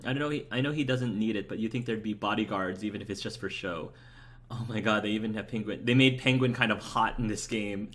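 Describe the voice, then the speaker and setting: A man with a somewhat low voice talks his way through a video game. He is chatty and eager, answering his viewers and rambling with fillers as he goes. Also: fairly bright tone. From United States. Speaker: let's play host. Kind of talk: casual gameplay commentary, reading chat aloud.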